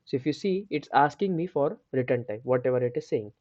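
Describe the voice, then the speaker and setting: Guy teaching coding, keeps saying "right?", mellow dry voice, kinda lo-fi. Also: medium pitch, lively intonation, a little fast, dry recording. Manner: explains with repeated "right?" and restarts. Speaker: programming tutor. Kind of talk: screen-share coding tutorial.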